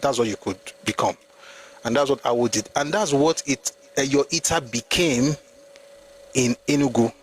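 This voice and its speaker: A man's voice: medium pitch, moderate pace, husky, rough recording. A man with a Nigerian accent, hosting a live history talk and arguing his points with rhetorical questions. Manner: argumentative, full of rhetorical questions. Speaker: host.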